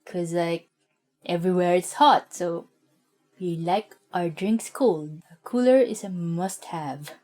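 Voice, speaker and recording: A young woman with a Filipino accent, teaching vocabulary in a relaxed, chatty way, often saying "like". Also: lowish voice, takes it slowly. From Philippines. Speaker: language teacher. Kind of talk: casual vocabulary lesson.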